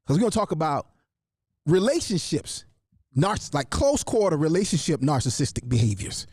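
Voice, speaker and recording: A man with a high, slightly mellow voice hosts a live online show in clean studio sound with no room noise. He talks to viewers and gives them shout-outs by name in a sing-song way.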